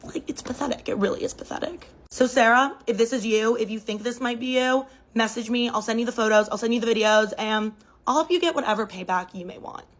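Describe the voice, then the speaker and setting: A woman's voice: a little high, brisk, poor audio. Blunt, scathing woman telling gossip. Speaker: storyteller. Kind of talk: casual gossip storytime.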